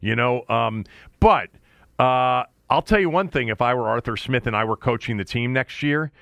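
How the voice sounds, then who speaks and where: A man's voice: mid-range voice, moderate pace, gravelly, a bit bright, no echo. A man co-hosting a casual sports talk show, blunt and opinionated, cursing freely and restarting his sentences often. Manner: blunt, swears, many restarts. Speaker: podcast co-host.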